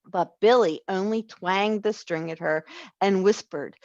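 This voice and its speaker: A woman reading a children's story aloud, slow and expressive. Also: mid-range voice, no room sound, dull audio. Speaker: story reader.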